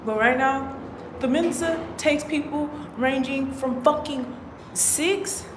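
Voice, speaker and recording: A woman's voice: high-pitched, slow. A young woman vlogger talking casually into her phone, blunt and exasperated, swearing often while she walks around. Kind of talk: casual rant to camera. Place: walking around outdoors and indoors with a phone. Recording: phone audio with steady background noise.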